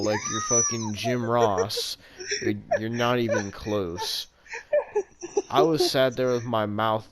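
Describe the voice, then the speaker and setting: A man co-hosting a casual podcast, his voice sitting at an ordinary male pitch. He rants in exasperation and swears freely as he picks apart the match. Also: huge pitch swings, slow, background noise. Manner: exasperated, profane wrestling rant. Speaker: podcast co-host. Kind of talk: casual chat.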